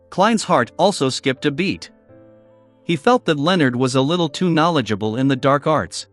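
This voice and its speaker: A man reading a fantasy light novel aloud as scripted narration, with an expressive delivery. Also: fairly high pitch, normal speed, faint music behind. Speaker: audiobook narrator.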